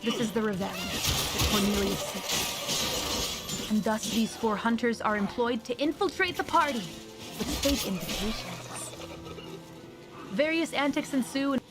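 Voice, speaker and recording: A woman streamer casually recapping a tabletop campaign in a playful, giggly, rambling way. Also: a little high. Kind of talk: casual recap with acted quotes. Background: music.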